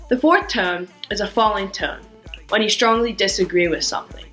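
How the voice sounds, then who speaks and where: A woman giving a scripted language lesson, speaking carefully and acting out sounds with exaggerated pitch swings. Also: a bit bright, faint music behind, low-quality recording. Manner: slow, careful, demonstrates tones with exaggerated pitch. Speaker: language teacher.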